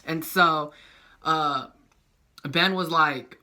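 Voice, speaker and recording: A young man casually recapping a soap opera, animated and profane, acting out the characters' lines. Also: fairly high pitch, unhurried.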